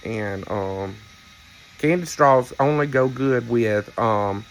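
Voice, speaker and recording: A man's voice: medium pitch, takes it slowly, a little hiss or hum. A man, chatting casually to his viewers in a rambling, storytelling way with playful teasing asides. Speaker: vlogger. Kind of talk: casual chat to camera.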